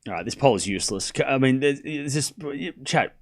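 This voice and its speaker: A man's voice: medium pitch, lively intonation, fairly quick. A young man casually calling a live tennis match for a stream audience, chatty and self-mocking, stumbling over player names. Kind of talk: casual play-by-play watchalong commentary.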